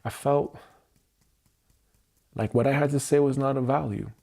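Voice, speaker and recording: A man hosting a tapping livestream, speaking slowly and candidly about his past feelings in a personal, reflective way. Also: mid-range voice, steady tone, creaky, warm tone. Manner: slow, candid, searching self-reflection. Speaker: EFT tapping livestream host. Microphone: livestream mic.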